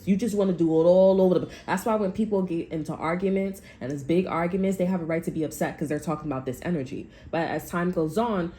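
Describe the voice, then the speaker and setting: A tarot reader with a lowish, mellow voice gives a casual reading, rambling with lots of "like." Her manner is blunt and heated, and she swears frequently.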